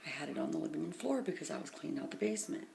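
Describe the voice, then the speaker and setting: Woman, middle-aged, tired, low gravelly voice, rambling phone vlog, hushed half-whisper at times. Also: expressive, very fast, noisy background. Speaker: vlogger. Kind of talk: casual rambling storytelling. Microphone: phone camera.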